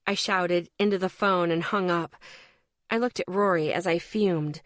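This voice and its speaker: A woman reading a first-person audiobook narration in a steady, expressive way. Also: lowish voice, measured pace, no echo, clean studio sound.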